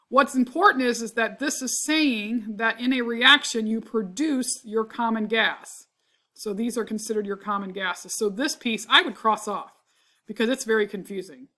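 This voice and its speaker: A congested woman who clears her throat a lot, teaching chemistry in a recorded lecture. She explains step by step, often checks with "right?" and corrects her own slips. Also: medium pitch, a bit bright.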